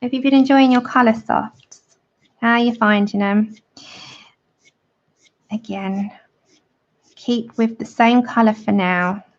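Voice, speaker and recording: A woman's voice: fairly high pitch, fairly even intonation, slow pace, pauses often, dull audio. A woman hosting a live colouring tutorial, chatting with viewers by name and laughing often as she works. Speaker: art livestream host.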